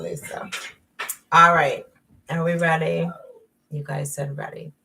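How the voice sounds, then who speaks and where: A woman's voice: low-pitched, level tone, unhurried, creaky, fairly bright tone, distant mic, rough recording. A middle-aged woman coach chatting casually at home on a live stream, self-mocking and often laughing, then reading from her own book. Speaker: life coach and author. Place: at home at night.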